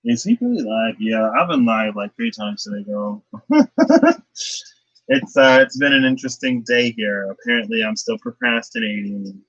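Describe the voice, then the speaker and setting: Young male tarot streamer, rambling casual chatter, bright forceful tone, close dry sound. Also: mid-range voice, very animated, normal speed, no room sound, highs cut off. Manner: rambling, chatty, laughs often, lots of fillers. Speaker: tarot card reader. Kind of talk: casual livestream chat. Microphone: laptop webcam.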